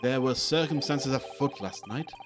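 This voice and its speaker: A man voicing a theatrical, self-assured British detective, reading with a grand, drawn-out delivery over game music. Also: mid-range voice, pitched above the performer's own voice, lightly acted. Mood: grandiose.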